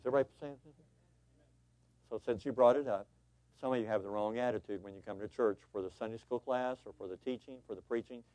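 Here a male pastor tells a story in vivid voices, then turns serious and exhorts the people in the pews. His pitch is fairly low, with no room sound audible.

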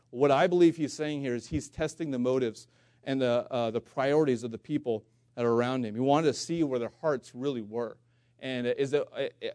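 A man preaching a sermon in an earnest, conversational way, asking rhetorical questions, with frequent restarts and louder scripture readings. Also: mid-range voice, no echo, studio quality. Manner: reads scripture aloud in King James wording, louder and slower.

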